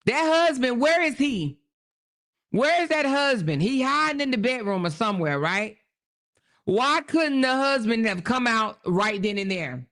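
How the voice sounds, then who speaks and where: A woman's voice: on the high side, sing-song, measured pace, a bit bright. A woman hosting her own show, giving casual commentary on a news story and often repeating herself as she checks in with viewers. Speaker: host.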